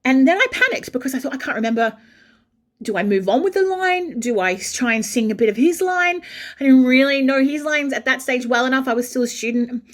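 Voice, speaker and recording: A woman, an opera singer, telling a backstage anecdote in an animated way and breaking into sung phrases. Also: high-pitched, brisk. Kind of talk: storytelling anecdote.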